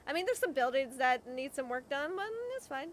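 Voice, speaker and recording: A young woman gaming streamer reading a visual novel aloud and reacting in casual chat, giggly and excitable, swearing freely. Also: high voice, brisk, slight background noise. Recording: game music playing behind her.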